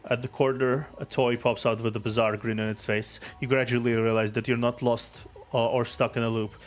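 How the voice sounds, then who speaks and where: Male streamer, steady narration of game text with casual asides, faint music underneath. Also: mid-range voice, a little fast. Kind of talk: reading game story aloud.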